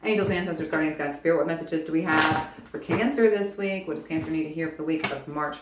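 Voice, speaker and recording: A woman giving a casual weekly tarot reading to camera, animated and encouraging, speaking straight to the viewer. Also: deep voice, quick pace, very noisy. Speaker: tarot reader. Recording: roomy echo.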